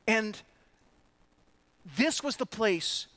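Male preacher, bright and animated, pitched high, breaks into laughs. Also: drawn-out words. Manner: animated, laughs between phrases. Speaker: pastor. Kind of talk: sermon.

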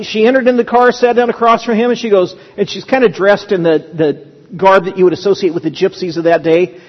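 A man with a high voice preaches a sermon in a church sanctuary. He tells stories in a loose, conversational way, often restarting phrases. The sound is dull and lo-fi, with a long reverb trailing his words. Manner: conversational storytelling with frequent restarts. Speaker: pastor.

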